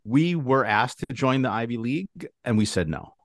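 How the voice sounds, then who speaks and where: A man co-hosting a casual podcast chat, teasing with dry, deadpan humor. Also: mid-range voice, moderate pace, no echo. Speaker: podcast co-host.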